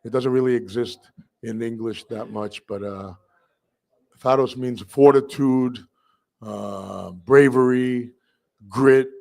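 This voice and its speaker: A middle-aged man from New York City telling a personal story with vivid, animated delivery, mimicking voices and bursting into shouts. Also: medium pitch, slow, vocal fry.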